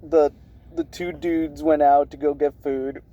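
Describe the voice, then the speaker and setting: A man playing in a tabletop game, dry and deadpan in casual chat. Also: on the high side, unhurried, muffled recording. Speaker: player.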